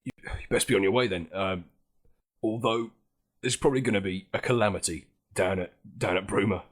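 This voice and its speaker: A man's voice: lowish voice, brisk. A man running a tabletop game as game master, casual and giggly.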